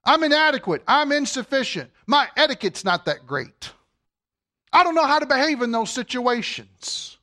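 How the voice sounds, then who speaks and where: A man's voice: very high-pitched, sing-song, normal speed, bright, forceful tone, voice pushed up, full character voice. A man voicing an insecure man pleading his unworthiness to God, in a pleading, self-doubting way.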